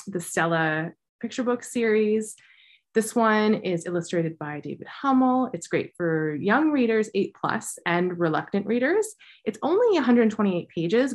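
A woman co-hosting a book podcast, thoughtfully giving information about books in a casual chat. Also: fairly low pitch.

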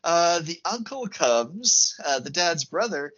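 A man co-hosts a podcast and recaps a film in loose, casual chat, full of fillers and little acted-out quotes. His voice sits fairly high and swings around a lot, with a bright, forceful edge. The audio is a little dull and lo-fi. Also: takes it slowly. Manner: animated plot retelling with fillers and acted-out quotes. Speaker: podcast co-host.

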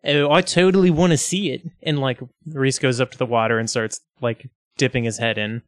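A man's voice: mid-range voice, fairly even intonation, moderate pace, no room sound. Playful man, dry close voice. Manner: playful, goofy. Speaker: player. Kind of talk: playing a tabletop game in character.

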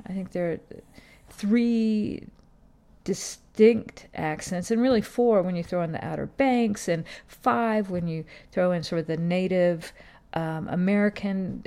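A woman's voice: medium pitch, dark tone, clear, resonant tone. A woman in her fifties hosting a podcast, talking in a casual, meandering way full of fillers and restarts. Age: 50s. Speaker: podcast host. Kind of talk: casual rambling monologue.

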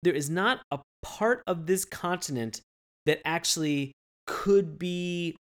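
A woman co-hosting a podcast in casual chat, animated and swearing freely, jumping into mocking quotes. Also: fairly low pitch, slow pace. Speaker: podcast co-host.

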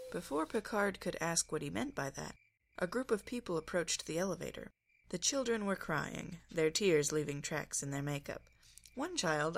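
A woman podcast reader narrating a fan story in a calm, even way. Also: on the low side, vocal fry. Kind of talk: scripted narration.

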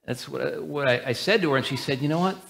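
A man's voice: mid-range voice, fast, creaky, fairly bright tone. A man preaching a sermon as a church elder, in an earnest, conversational way with frequent restarts.

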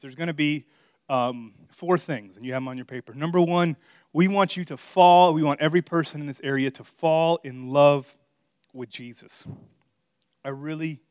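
A middle-aged man preaching a sermon, telling a personal story and swinging between quiet asides and loud, emphatic preaching. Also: a little high, smooth, no room sound, studio quality. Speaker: pastor.

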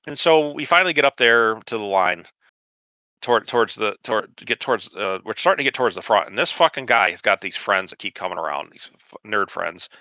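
A man's voice: fairly low pitch, expressive, brisk, sharp tone, no room sound, lo-fi sound. A man in his forties telling a long, profane, rambling anecdote on a casual podcast, acting out the quotes of people he met. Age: 40s. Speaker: podcast host. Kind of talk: casual storytelling chat.

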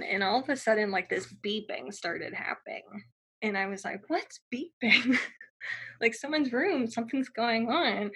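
Young woman, bright tone, slightly husky, casual storytelling, lots of "like" and quoted dialogue. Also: medium pitch. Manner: chatty, many fillers, acts out quotes. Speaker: guest telling her birth story.

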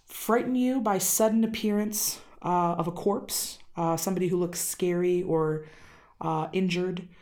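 A woman's voice: fairly low pitch, fairly even intonation, unhurried, darkish tone. A woman with a Wisconsin accent, co-hosting a casual podcast and explaining a legend she researched, with frequent "uh" fillers. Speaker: podcast co-host presenting research.

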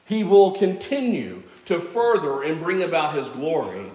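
A man's voice: on the high side, sing-song, unhurried, a little mellow. A man in his fifties preaching a sermon, earnest and conversational, with self-deprecating asides. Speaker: pastor. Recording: echoey church room.

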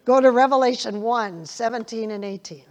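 A woman's voice: fairly high pitch, normal speed, a little mellow. An older woman preaching a sermon in a folksy way, chuckling often and repeating scripture lines with emphasis.

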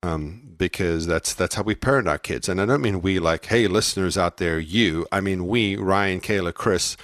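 A man's voice: low-pitched, moderate pace, a bit bright, dry recording, clean studio sound. A man from South Africa co-hosting a parenting podcast, talking in a reflective, self-deprecating way with many restarts. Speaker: podcast co-host. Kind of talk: casual parenting podcast chat.

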